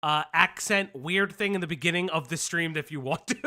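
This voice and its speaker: A stream host from the United States giving excitable casual commentary, swearing and restarting sentences. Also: medium pitch, brisk, a little hiss or hum.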